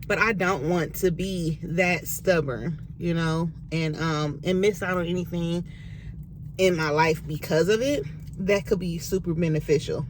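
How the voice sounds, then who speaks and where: A young woman vlogging casually to camera from her car, speaking candidly and emotionally with animated swings in pitch. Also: measured pace, background noise. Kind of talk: casual chit-chat to camera.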